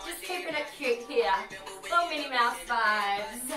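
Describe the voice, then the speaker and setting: Working out alongside her livestream class, an Australian woman coaches the moves with sass and cheek in a comedic session. Her slightly high voice is animated and a little slow, recorded off-mic from a distance in a roomy room over workout music.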